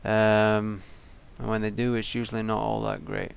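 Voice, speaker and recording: A man's voice: fairly low pitch, little pitch movement, normal speed, vocal fry, clear, resonant tone, dry recording. A young man giving casual, rambling solo commentary, with frequent ums and restarts. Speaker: wrestling vlogger.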